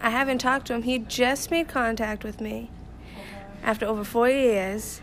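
A woman's voice: a little high, steady tone, moderate pace, a little hiss or hum. A woman guest candidly telling a personal story in casual chat.

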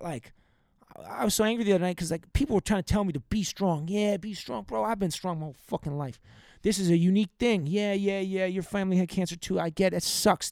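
Young guy w a high voice ranting on his podcast, cussing a lot, dry close mic. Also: creaky, no echo. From United States. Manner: profane, rambling, shouts out listeners. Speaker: podcast host. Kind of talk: casual venting monologue.

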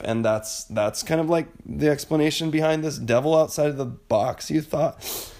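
A young man talks straight to the camera in a loose, rambling monologue. His delivery is animated and his pitch sits in a middle range. He scatters filler words throughout. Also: normal speed, gravelly. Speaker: vlogger. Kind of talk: casual monologue.

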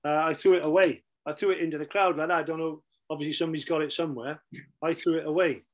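Guy, middle aged, blunt storyteller on a podcast, voice a touch high. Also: steady tone, fast talker. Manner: blunt, anecdotal, repeats phrases. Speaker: guest, former football manager. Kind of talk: casual podcast chat, storytelling.

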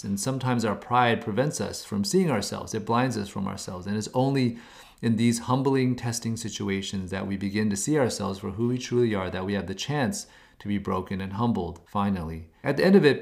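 Man, deep voice, gravelly fry, earnest exhorting devotional talk. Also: moderate pace. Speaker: devotional speaker. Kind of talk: scripted devotional reflection.

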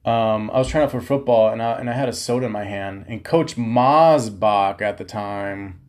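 A man's voice: lowish voice, normal speed. A man in his thirties hosting a podcast, telling personal stories in a casual, profane, slangy way. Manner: profane, animated, slangy storytelling. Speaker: podcast host. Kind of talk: casual storytelling monologue.

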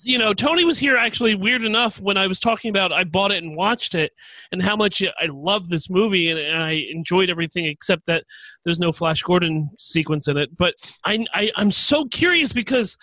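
A man's voice: high voice, animated, fairly quick, bright, forceful tone, no room sound. A man co-hosting a casual chat show, talking in loose rambling bursts and often repeating his first words. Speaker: podcast co-host.

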